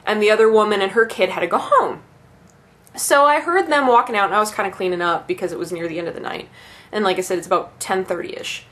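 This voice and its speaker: A woman's voice: mid-range voice, fairly bright tone. A young adult woman ranting casually about her bookstore job, swearing freely and laughing at her own asides. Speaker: bookstore employee.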